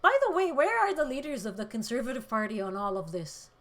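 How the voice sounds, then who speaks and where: A woman hosting a political livestream, reading chat comments and speaking with emotion, close to tears, shifting between loud outbursts and quiet moments. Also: a little high, very animated, a little fast. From Middle East.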